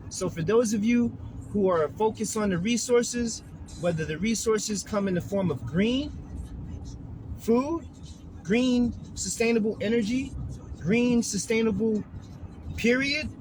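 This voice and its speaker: Sitting in his car, a male vlogger with a Brooklyn, New York accent delivers a profane, streetwise motivational rant, preaching in a hyped-up way. His voice sits high, and the background is noisy.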